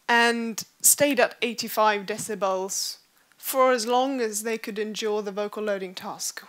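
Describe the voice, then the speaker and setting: In a lecture hall, a woman researcher gives a conference presentation explaining her study, using frequent fillers. Her voice is mid-range with a fairly bright tone.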